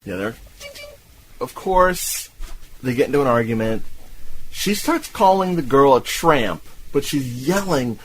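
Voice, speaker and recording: A man from Tampa co-hosts a casual podcast, retelling a bad movie with animated, profane glee and frequent laughter. His voice sits at an ordinary middle pitch over a faint background hiss. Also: a little slow, long pauses, poor audio. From Tampa, Florida. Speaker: podcast co-host. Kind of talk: casual movie-recap chat.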